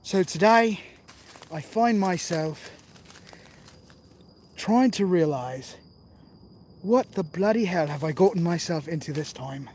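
A man putting on a mock London accent as a nervous explorer, narrating slowly and dramatically. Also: fairly high pitch, expressive, a little mellow, slightly rough, exaggerated voice. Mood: dramatic.

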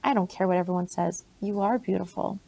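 A woman reading an audiobook, voicing an earnest young male British soldier who speaks in a gently insistent way. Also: lowish voice, fairly quick, gravelly, slightly rough.

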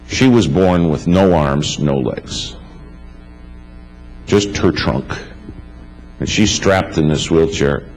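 A man's voice: extremely low pitch, vocal fry, darkish tone, slight background noise, poor audio. A man preaching a sermon in a church, telling stories with emphatic repetition. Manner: emphatic, builds lists with repetition. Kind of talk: storytelling sermon.

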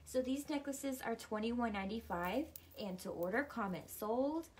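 A woman on a live sale reading out viewer questions, prices and order codes in a brisk way. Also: a little high, expressive.

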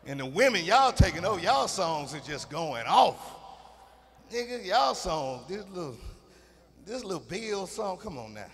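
A middle-aged man performing live stand-up on an arena stage, animated, breaking into singer impressions. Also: moderate pace, a little hiss or hum. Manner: animated, mimics singers with falsetto and crooning. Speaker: stand-up comedian. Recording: live arena recording with long reverb.

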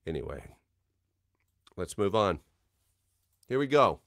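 A man's voice: low voice, animated, unhurried, no echo, clean studio sound. Rambling, chatty man on a livestream. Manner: rambling, chatty, self-deprecating. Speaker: voice actor hosting a signing livestream. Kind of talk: casual livestream chat.

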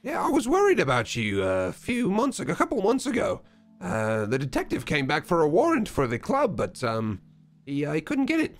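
A man's voice: on the high side, huge pitch swings, fairly quick. A man playing his character in a tabletop game, hesitant, with many fillers. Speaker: player. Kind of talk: tabletop role-play in character.

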